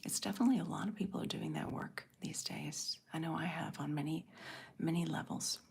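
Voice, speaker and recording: A middle-aged woman hosting an ASMR livestream, answering chat in a soft breathy whisper. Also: low voice, fairly even intonation, fairly quick.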